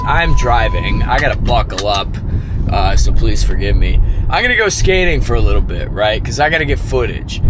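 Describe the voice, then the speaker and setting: A man in his late twenties vlogging from his car and then an outdoor skate park, talking in a rambling, joking, offhand way and swearing now and then. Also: medium pitch. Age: late 20s. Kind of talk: casual vlog chat. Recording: outdoor wind and traffic noise.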